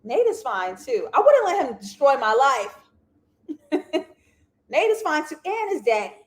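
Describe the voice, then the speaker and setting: A woman hosting a casual livestream TV review, animated and laughing often as she talks to her viewers. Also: high-pitched, slow pace. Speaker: TV review host.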